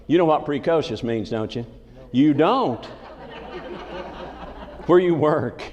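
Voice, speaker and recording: A man with a Southern drawl spins folksy comic stories and ribs the crowd in a chatty way. His voice sits a little high and swings up and down with lively energy. A long hall echo hangs behind him. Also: slow, dull audio, noisy background. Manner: folksy, chatty, teasing the audience. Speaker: comedic entertainer. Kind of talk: stand-up storytelling in a folksy character. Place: large conference hall with a live audience. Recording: echoey hall.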